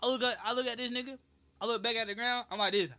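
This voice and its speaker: A young man telling a story in a casual, animated and profane way, swearing for emphasis. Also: very high-pitched, fast. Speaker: streamer.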